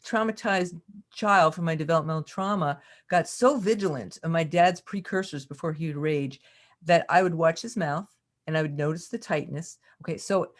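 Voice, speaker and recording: A woman's voice: deep voice, normal speed. A woman teaching about love and relationships on a community call, talking expressively, acting out quoted lines and laughing often.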